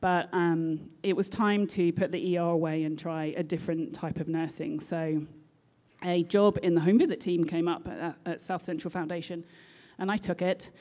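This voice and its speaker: Lively British woman telling a story. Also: lowish voice, moderate pace. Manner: lively, animated, laughs often while telling. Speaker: nurse. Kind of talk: personal storytelling.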